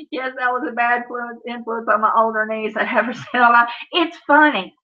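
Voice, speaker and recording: A woman's voice: a little high, steady tone, normal speed. A woman, chatting casually on a live stream, reading comments and telling funny family stories with frequent laughter. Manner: laughs often, storytelling, says "Oh, Lord". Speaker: livestream host. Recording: dull lo-fi stream audio.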